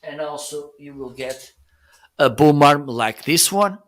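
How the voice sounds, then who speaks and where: A man's voice: fairly high pitch, expressive, a little slow, a bit bright. A man hosting a casual live shopping stream at his desk, chatting unhurriedly as he tests microphones by counting and saying hello. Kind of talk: casual product demo. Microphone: desk microphones being tested.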